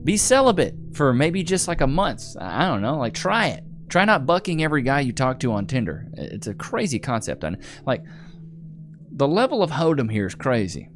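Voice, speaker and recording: A man hosting a reaction video, mocking the clips in casual slang. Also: fairly high pitch.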